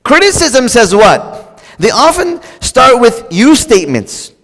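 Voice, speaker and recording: High-voiced man preaching in a reverberant hall. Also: slow pace. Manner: lively, joking, talks straight to the congregation; casual filler "like" and restarts. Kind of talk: conversational sermon. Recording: long reverb of a large hall.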